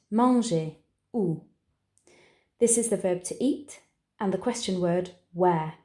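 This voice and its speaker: A woman with an English accent teaching, who explains each step clearly and patiently and slows down for the phrases she models. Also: medium pitch, warm tone, roomy sound. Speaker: language teacher. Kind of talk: exam preparation tutorial.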